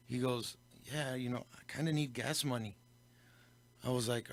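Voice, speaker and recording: A man's voice: mid-range voice, steady tone, a little slow, long pauses, a bit bright. A man hosting a local radio show, telling a story and switching between English and Spanish. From Del Rio, Texas. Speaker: radio host. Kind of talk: casual radio talk.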